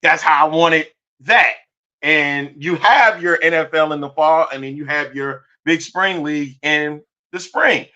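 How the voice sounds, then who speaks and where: A man co-hosting a casual sports talk show, loose and rambling with quick restarts. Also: fairly high pitch, sharp tone, highs cut off. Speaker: podcast co-host. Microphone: studio microphone.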